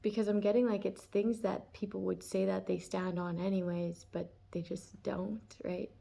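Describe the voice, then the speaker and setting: A woman's voice: mid-range voice, flat delivery, normal speed, creaky, dark tone. A woman giving a casual, chatty tarot reading, laughing often and full of fillers. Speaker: tarot reader.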